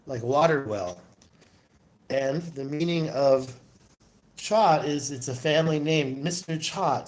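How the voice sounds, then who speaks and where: A man hosting a casual livestream into his phone, rambling and answering viewer comments aloud. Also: a little high. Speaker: livestream host.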